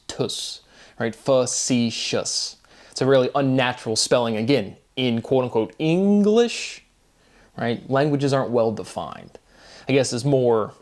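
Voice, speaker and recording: A man thinking aloud in an unscripted solo monologue, rambling through free-associating wordplay and often checking in with "right?". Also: medium pitch. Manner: thinking aloud with fillers and restarts. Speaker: host of a self-made video series.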